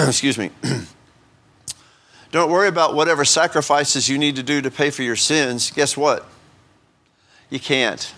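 A man's voice: mid-range voice, fairly bright tone. Man preaching a casual, joking sermon. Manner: conversational, joking, asks the congregation questions. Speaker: pastor. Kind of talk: informal sermon.

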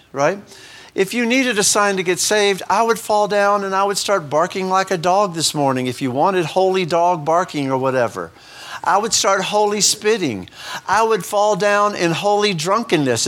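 Folksy preacher, slightly high voice. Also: male voice, a bit bright. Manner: folksy, conversational preaching with rising emphatic reads. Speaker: pastor. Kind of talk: sermon.

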